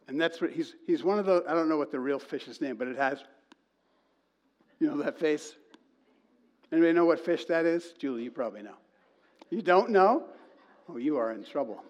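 A man preaching to a congregation, telling a story in an animated way and reading quoted lines in a slow sing-song. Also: on the high side. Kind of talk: sermon.

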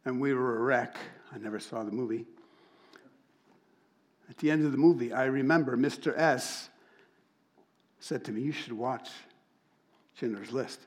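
A man preaching to a congregation, telling a story and acting out the dialogue with lively, animated delivery. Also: medium pitch, normal speed, pauses often. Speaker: church speaker.

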